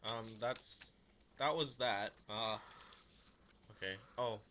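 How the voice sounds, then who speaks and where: A man's voice: mid-range voice, takes it slowly, sharp tone, slight background noise. A young man casually vlogging at home, reading letters aloud in a mocking, sing-song voice. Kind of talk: casual comedic vlog.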